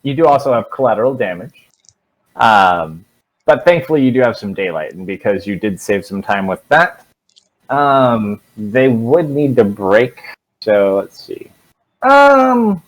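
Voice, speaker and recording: A man narrating as dungeon master in a relaxed, rambling way, with lots of "um" and "like". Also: medium pitch, a little slow, rough recording. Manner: relaxed, rambling, filler-heavy. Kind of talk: narrating a tabletop game.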